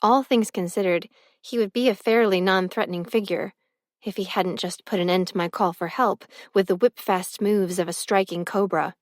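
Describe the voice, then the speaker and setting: A woman reading a first-person novel as an audiobook narrator, expressive and close to the mic. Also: mid-range voice, moderate pace, no echo.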